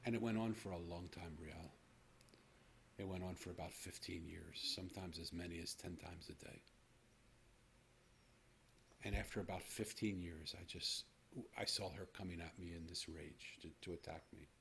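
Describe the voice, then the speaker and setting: A man's voice: low-pitched, steady tone, normal speed, creaky, a bit bright, a little hiss or hum. A man in his sixties, a podcast host telling a personal story to his guest in an earnest, reflective way. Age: 60s.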